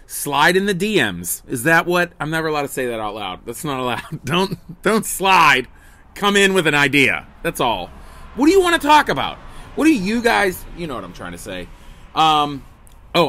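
A man's voice: on the high side, pushed and bright. A middle-aged man, a comedian hosting a daily livestream, chatting casually and jokily to viewers, rambling with restarts and asides, recorded on a phone outdoors. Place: outdoors at a table beside a house. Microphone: phone on camera.

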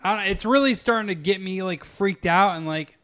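Young man, high pitch, casual chat, profane, laughing, rambling. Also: fairly quick, fairly bright tone. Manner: rambling, swearing storyteller, laughs often.

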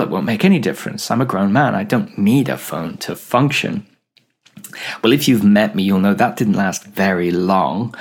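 A man's voice: on the low side, gravelly. A man hosting his own podcast, telling a personal story in a chatty, self-deprecating way. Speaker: podcast host. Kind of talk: solo podcast monologue.

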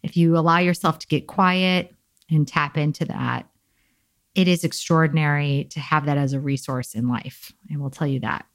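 A young woman speaks in a low, grounded voice, sharing spiritual advice in a candid, chatty way full of likes and ums. The recording is dry and close, with no room sound. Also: steady tone, normal speed, no room sound. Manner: candid, conversational, uses filler "like" and "um". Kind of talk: casual spiritual self-help talk.

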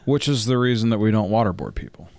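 Deep-voiced man in his forties, dry skeptical podcast co-host, unhurried. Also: a little mellow. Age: 40s. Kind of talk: casual chat.

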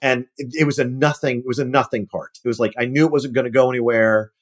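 A man's voice: medium pitch, quick pace. A man spinning a casual, self-deprecating story about his own mishaps. He swears freely and jumps into the other people's voices as he tells it. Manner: animated storyteller acting out quoted voices; profane, self-mocking. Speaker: guest actor. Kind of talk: casual anecdote telling.

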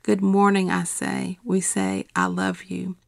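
Middle-aged woman reading her own essay, quiet and measured, gravelly, pretty flat, dry close sound. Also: mid-range voice, no echo. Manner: quiet, measured, steady delivery. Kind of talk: reading a personal essay aloud.

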